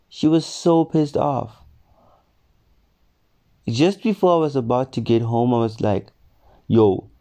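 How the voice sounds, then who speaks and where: A young man casually telling a personal story on his vlog, swearing and acting out the people in it. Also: lowish voice. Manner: swearing, animated retelling with quoted voices. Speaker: storyteller vlogger.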